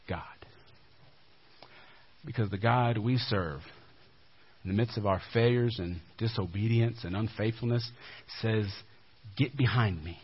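A male pastor giving a sermon in a conversational way, dropping to a hushed low voice for emphasis. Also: a little hiss or hum. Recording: dull lo-fi recording.

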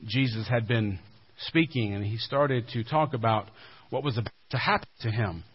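A man's voice: normal speed, slightly rough. Conversational male preacher, lo-fi sound. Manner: conversational, dropping to a hushed low voice for emphasis. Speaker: pastor. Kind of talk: sermon. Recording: dull lo-fi recording.

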